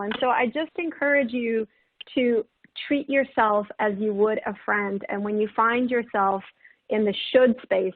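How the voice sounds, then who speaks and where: A woman's voice: fairly high pitch, steady tone, normal speed. A woman panelist giving an encouraging webinar talk, casual and chatty with frequent "right?" and "like". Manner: warm encouraging, many "right?" and "like" fillers. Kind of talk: webinar talk on self-compassion. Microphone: video call. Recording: tinny phone-like call audio.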